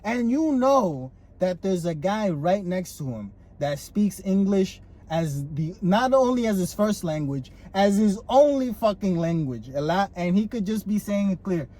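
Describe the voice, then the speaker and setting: Profane, animated man. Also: high voice, normal speed, hardly any pauses. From Puerto Rico. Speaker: podcast co-host. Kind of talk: casual chat.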